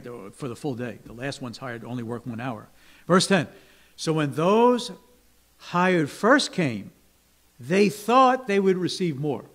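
A man preaching as pastor, conversational, often checking in with his listeners and acting out complaining workers. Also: high-pitched. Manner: conversational, asks the congregation "right?" often; acts out grumbling workers with raised voice. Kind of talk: sermon. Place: church sanctuary.

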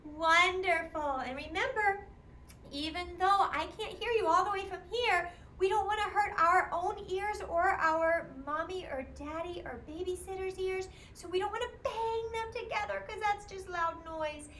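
Singing animal songs and cheering small children on in a sing-song manner, a Midwestern American woman runs an interactive music class. Her very high-pitched voice is pushed and bright at a moderate pace. Slight background noise and faint ambience fill an echoey room.

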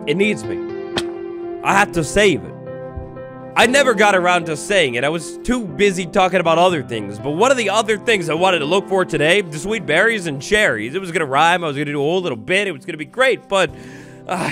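A young man giving playful Minecraft let's play commentary, excitable and theatrical, with mock outrage. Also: sits high, a little fast. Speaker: gaming YouTuber. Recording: faint background music.

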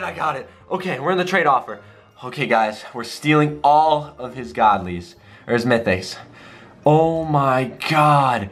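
A young man hosting an excited gaming vlog, hyped and often out of breath as he runs between rooms. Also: mid-range voice, normal speed. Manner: hyped, breathless, calls viewers guys and baby. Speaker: gaming YouTuber.

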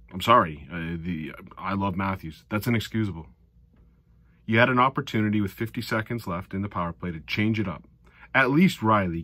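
A middle-aged man giving a casual recap of a hockey game, animated and sarcastic, often exasperated. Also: low voice, no echo. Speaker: hockey fan commentator.

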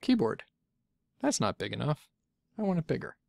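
Gravelly-voiced man narrating a casual screencast. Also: fairly high pitch, huge pitch swings, moderate pace, no echo, clean studio sound. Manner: chatty, thinks aloud, self-correcting. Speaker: software tutorial instructor.

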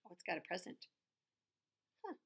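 A woman's voice: moderate pace, a bit bright. A woman reading a picture book aloud, breaking off into chatty asides and acting out the animal sounds. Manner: chatty asides to the listener between pages. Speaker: storybook reader.

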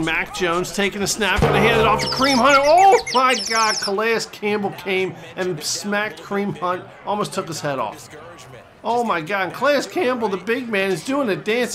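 A man hosting a gaming channel, giving jokey play-by-play commentary over a football video game, with excitable sportscaster outbursts. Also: sits high. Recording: game music underneath.

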